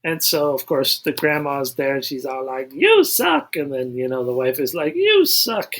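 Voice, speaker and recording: A man co-hosting a comedy movie review podcast, recapping the plot in a dry, unhurried way with halting restarts. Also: medium pitch, little pitch movement, a bit bright. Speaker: podcast co-host.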